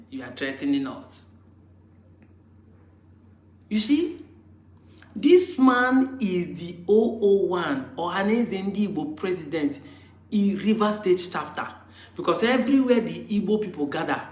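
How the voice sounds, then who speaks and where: Man, Nigerian accent, high voice, combative, rhetorical questions, roomy muffled recording. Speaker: online commentator. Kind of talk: argumentative monologue.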